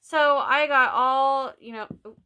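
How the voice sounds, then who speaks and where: A woman's voice: high-pitched, slow pace, sharp tone. A middle-aged woman with a Southern Illinois accent chatting casually about her crochet projects, telling stories and laughing often. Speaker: vlog host, crocheter. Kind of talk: casual chat.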